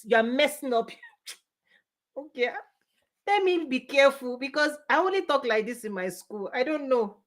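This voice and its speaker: A woman business coach giving a forceful motivational talk, repeating punchy phrases and laughing often. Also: fairly high pitch.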